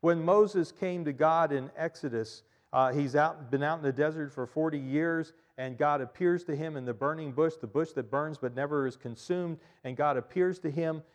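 A man preaching a sermon in a church, animated, often repeating and stressing his points, with frequent fillers. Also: on the high side, normal speed, few pauses, in a large hall. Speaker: pastor.

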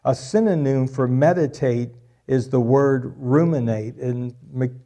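A man's voice: medium pitch, warm tone. A middle-aged man preaching a sermon, repeating key lines for emphasis and joking with the congregation. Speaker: pastor.

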